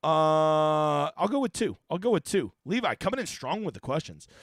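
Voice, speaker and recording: A man's voice: fairly high pitch, very animated, normal speed, dry recording, clean studio sound. A man hosting a live stream on fantasy golf, joking and swearing as he reads viewer questions. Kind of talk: casual live-stream chat.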